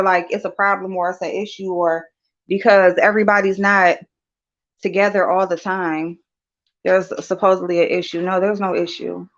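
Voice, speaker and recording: A woman hosting a casual livestream, talking bluntly and profanely straight to her chat. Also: medium pitch. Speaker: livestream host. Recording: dull lo-fi livestream audio.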